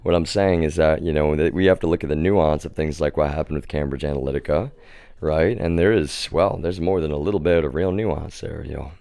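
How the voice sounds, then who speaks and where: A young man rants heatedly into his streaming mic, swearing and calling his viewers "y'all". His voice sits very low and sounds smooth and resonant. The sound is dry and close, with little room around it. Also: brisk, dark tone, no echo. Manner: heated, profane, repeatedly addressing viewers as y'all. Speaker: livestream host. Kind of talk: ranting livestream monologue.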